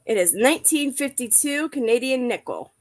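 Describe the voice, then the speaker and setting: A woman hosting a live online auction, briskly announcing lots and bids. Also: fairly high pitch, lively intonation. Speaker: auction host.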